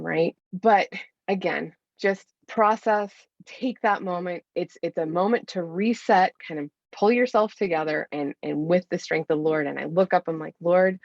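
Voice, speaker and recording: A woman in her thirties speaks as a podcast guest, earnest and encouraging, addressing listeners directly. Her voice sits a little low. The recording is dry and somewhat dull. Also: vocal fry, no echo. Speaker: podcast guest, anger coach for mothers. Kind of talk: casual podcast interview.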